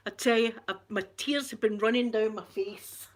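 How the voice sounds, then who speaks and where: Chatty Scottish woman vlogging. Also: on the high side. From Scotland. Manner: chatty, giggly storyteller greeting viewers by name. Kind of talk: casual live-stream chat.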